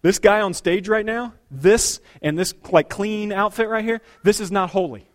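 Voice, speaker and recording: A middle-aged man preaching a sermon in a church, emphatic, swinging between loud declarations and quiet asides. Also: sits high, normal speed. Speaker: pastor. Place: church sanctuary.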